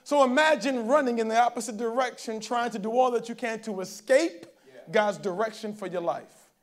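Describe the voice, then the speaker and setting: A man's voice: very high-pitched, normal speed. A male pastor preaching a sermon at a church service in a conversational way, often checking in with the congregation.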